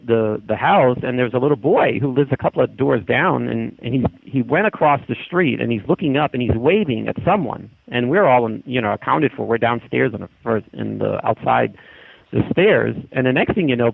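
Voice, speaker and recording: A man on a podcast telling a story in a casual, animated way, with frequent restarts, over a phone line. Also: mid-range voice, fairly quick, vocal fry, slightly rough, dry recording. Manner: animated, acts out quoted voices, frequent restarts. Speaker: podcast guest. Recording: tinny dry phone line.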